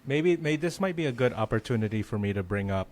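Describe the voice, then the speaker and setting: A man's voice: mid-range voice, lively intonation, fast, a little mellow. A man hosting a podcast, chatting casually and thinking aloud with frequent fillers. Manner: reflective, thinking aloud with many "like"s. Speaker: podcast host. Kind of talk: casual conversation.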